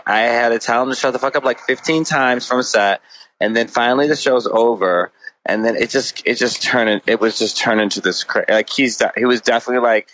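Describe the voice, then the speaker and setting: A man's voice: fairly low pitch, fairly bright tone, rough recording. Rambling, profane male storyteller. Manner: rambling, swears freely, many "like" fillers. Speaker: guest musician. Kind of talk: casual storytelling in a podcast chat.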